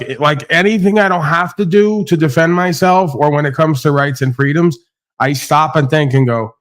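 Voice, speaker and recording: Male panel host, casual rambling talker, online call. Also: mid-range voice. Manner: rambling, repeats "right?" often. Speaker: podcast host. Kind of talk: casual rant to panel guests. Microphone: video call.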